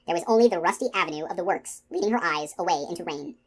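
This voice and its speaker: Casting: woman narrator, low-ish soft hushed voice, audiobook reading. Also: fast, slightly rough. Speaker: audiobook reader.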